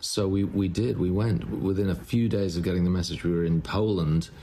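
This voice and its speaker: A man, a musician, telling a story in an interview, halting and repeating words as he goes. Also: sits low, steady tone, dark tone, slight background noise. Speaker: musician guest.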